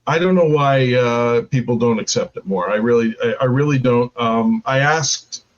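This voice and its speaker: A man's voice: medium pitch, normal speed, dull audio. A man speaking as a guest in a casual discussion, hesitant and full of ums and uhs.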